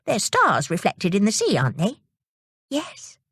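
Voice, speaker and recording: Woman voicing a gentle sea fairy girl. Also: medium pitch, huge pitch swings, measured pace, slightly rough, no room sound, clean studio sound, pitched above the performer's own voice, full character voice.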